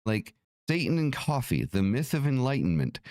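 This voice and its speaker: A man's voice: mid-range voice, big pitch swings, moderate pace, darkish tone, dry recording, clean studio sound. A man hosting an occult livestream, ranting in a casual, profane, irritated way, with many restarts.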